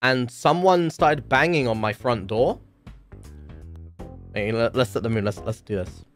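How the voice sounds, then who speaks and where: A man's voice: mid-range voice, a little slow, soft background music. A man streaming from home, telling a story in a casual, rambling way with lots of filler words and swearing.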